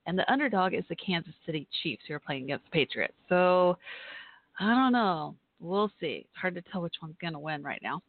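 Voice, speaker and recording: A woman's voice: fairly low pitch, animated, fairly quick, dry recording. A chatty, friendly woman from Texas with a Southern accent, hosting a casual call-in talk show and laughing often. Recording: tinny phone-line sound.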